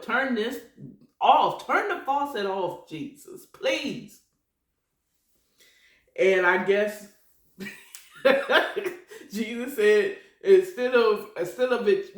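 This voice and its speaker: A woman's voice: fairly low pitch, roomy sound. A woman hosting a casual solo morning chat podcast, rambling and chatty with prayerful asides. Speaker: podcast host.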